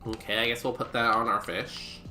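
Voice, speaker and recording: A man's voice: medium pitch, flat delivery, fairly quick, sharp tone. A man streaming a game, chatting casually with goofy, self-mocking humor. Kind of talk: casual gameplay commentary. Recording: roomy echo with music behind.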